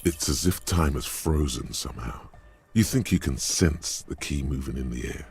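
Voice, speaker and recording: Gravelly, dead-low game narrator. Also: male voice, moderate pace, a little mellow, exaggerated voice. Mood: wry. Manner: dry, dramatic storytelling. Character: deep wry inner-voice male narrator.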